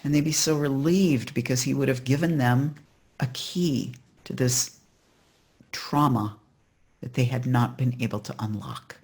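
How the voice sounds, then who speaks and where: A storyteller leads an online Shabbat service through a home computer mic. The telling is animated and conversational, with scenes acted out along the way. The voice carries a gravelly, husky texture. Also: medium pitch, measured pace. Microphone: home computer mic on a video call.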